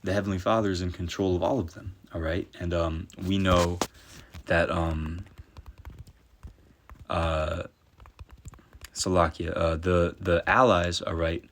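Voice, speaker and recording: A man teaching from scripture, reading verses slowly and ending nearly every phrase with "all right?". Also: sits low, level tone, fairly bright tone, a little hiss or hum. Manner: peppers speech with "all right?"; reads verses slowly and deliberately. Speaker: preacher.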